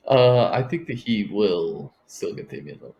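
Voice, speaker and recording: A man's voice: on the low side, expressive, moderate pace, dull audio, a little hiss or hum. A man co-hosting a sports podcast, joking and trading hot takes in casual chat. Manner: joking, offers hot takes, trails off mid-thought. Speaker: podcast co-host.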